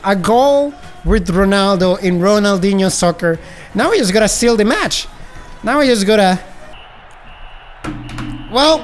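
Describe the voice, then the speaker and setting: A man giving excitable gameplay commentary as a gaming YouTuber, breaking into high yelps and laughter. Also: slow, pauses often, soft background music.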